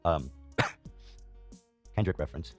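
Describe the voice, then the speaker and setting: Male host, deep and rapid, heated commentary, curses freely, faint music behind. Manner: heated, swears, frequent fillers and coughs. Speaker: podcast host. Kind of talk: reaction commentary.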